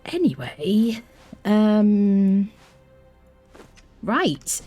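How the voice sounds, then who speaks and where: A woman's voice: mid-range voice, expressive, very slow, long pauses, dark tone, soft background music. A young woman from the United Kingdom chatting with her viewers as she streams a game live. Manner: chatty, talks to viewers in chat. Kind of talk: live-streamed gameplay commentary.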